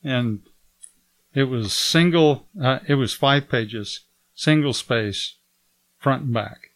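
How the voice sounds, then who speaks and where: A man recounts a faith testimony at a slow, unhurried pace, his voice close and dry with no room around it. He chuckles often as he talks and lifts his voice whenever he quotes someone else. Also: medium pitch, no echo. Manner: relaxed storyteller who chuckles often and raises his voice when quoting others. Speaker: guest telling a faith testimony. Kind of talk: storytelling testimony.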